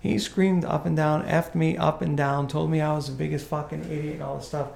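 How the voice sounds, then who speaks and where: Gravelly man telling a work story. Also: a little high, brisk, echoey room. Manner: profane, animated storyteller. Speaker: podcast host, golf course superintendent. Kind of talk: casual storytelling chat.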